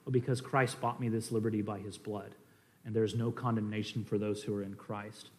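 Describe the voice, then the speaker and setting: A man teaching in an earnest, conversational sermon style, swinging between emphatic stresses and quiet asides, with fillers and restarts. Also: on the low side, flat delivery, a little fast. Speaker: preacher.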